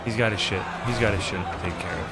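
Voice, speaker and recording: A man streaming a video game, giving excitable commentary full of swearing and jokes. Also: low-pitched, fast talker, crowd noise, noisy background. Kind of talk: gameplay commentary. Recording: voice over game music.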